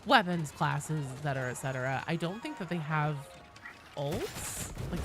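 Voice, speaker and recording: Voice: mid-range voice, lively intonation, moderate pace, background noise. A game streamer in casual live-stream chat while gaming, rambling with lots of fillers and restarts in a Valley Girl-like way of talking.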